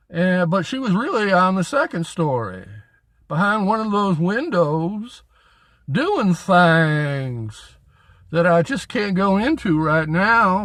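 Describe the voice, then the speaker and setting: Slow-talking high-voiced folksy man. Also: fairly bright tone, no echo. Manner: chatty, folksy, self-mocking about his jokes. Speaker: vlog host. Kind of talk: rambling storytelling with corny jokes. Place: outdoors on a city street.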